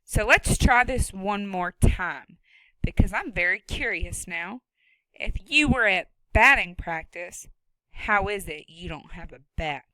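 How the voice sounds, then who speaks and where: A gruff, menacing farm woman with one wooden leg, loud and slow with a bright, forceful edge, as a woman reading an audiobook puts her on. The sound is close and dry. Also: mid-range voice, lively intonation, dry recording, rough recording. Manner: loud, drawn-out, challenging.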